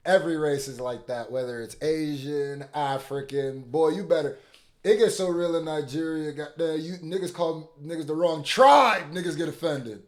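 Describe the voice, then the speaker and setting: A man hosting a reaction video, commenting casually and excitedly. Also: fairly high pitch, a little hiss or hum. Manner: excitable, laughing along.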